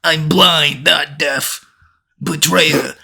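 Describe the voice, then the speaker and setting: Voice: medium pitch, fairly even intonation, vocal fry, bright, forceful tone, breathy edge, full character voice. A podcaster hamming up a brooding blind demon hunter. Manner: halting, stumbling parody delivery. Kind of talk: joking impression on a podcast.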